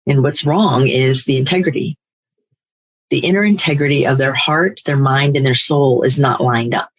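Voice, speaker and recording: An older woman hosting a recovery podcast, speaking in a firm, emphatic, animated motivational way. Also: rumbling low, moderate pace, poor audio. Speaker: podcast host, recovery coach. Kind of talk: motivational talk.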